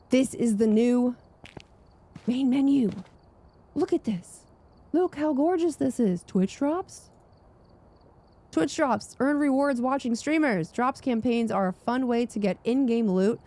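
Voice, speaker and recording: A young woman narrating her gameplay with breathless, gushing excitement, her voice jumping up into squeals and gasps. The tone underneath stays mellow and soft rather than bright. She talks like a longtime streamer showing off to her viewers. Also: fairly high pitch. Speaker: gaming streamer.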